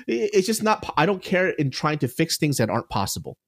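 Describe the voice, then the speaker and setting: A man's voice: on the high side, fairly quick, dry recording, studio quality. A man hosting a podcast, talking bluntly and casually with lots of swearing. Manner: blunt, profane and animated. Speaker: podcast host.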